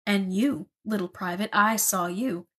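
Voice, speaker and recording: Brief: a gaunt German sergeant major, man, slow and taunting, breathy edge, read by a woman. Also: mid-range voice, a bit bright.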